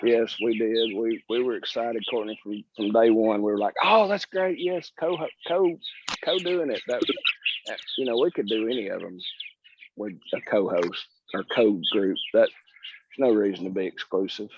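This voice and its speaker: A man's voice: lowish voice, fairly even intonation, moderate pace, noisy background. A man with a Southern drawl presenting on a call, talking in a folksy, joking, rambling way. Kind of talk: casual presentation on a video call. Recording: dull lo-fi call audio.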